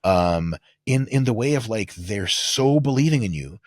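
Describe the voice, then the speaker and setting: A man talking as a guest on a podcast, animated and profane, often acting out the voices of the people he quotes. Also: lowish voice, normal speed, no echo, clean studio sound. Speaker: guest coach and sports scientist. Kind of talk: casual podcast conversation.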